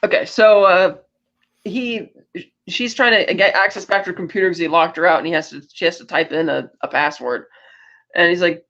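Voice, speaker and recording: A woman's voice: on the low side, a little fast, a bit bright, muffled recording. Woman recapping a movie scene by scene. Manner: retells scenes, acting out characters' lines. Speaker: podcast co-host. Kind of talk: casual movie recap chat.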